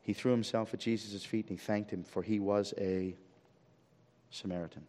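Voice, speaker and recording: A man preaching a sermon as pastor, swinging from loud emphatic peaks to quiet low pleading and asking the congregation rhetorical questions. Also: steady tone, normal speed. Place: church sanctuary. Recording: long reverb of a church hall.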